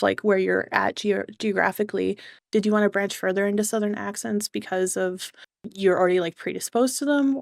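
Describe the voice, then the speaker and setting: Eager woman host with vocal fry. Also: medium pitch, no echo, clean studio sound. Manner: eager, encouraging interviewer. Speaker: VTuber host. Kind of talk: casual interview.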